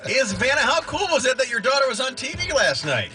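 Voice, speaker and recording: Lively-voiced male radio host. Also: very high voice, brisk, over music. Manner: playful, teasing. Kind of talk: morning radio banter.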